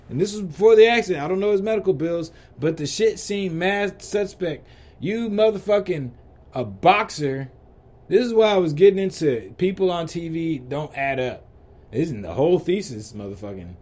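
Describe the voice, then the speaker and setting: A man's voice: high voice, animated, moderate pace, a little mellow. A man hosting a podcast, ranting in a heated, profane way and repeating rhetorical questions. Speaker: podcast host. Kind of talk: ranting commentary.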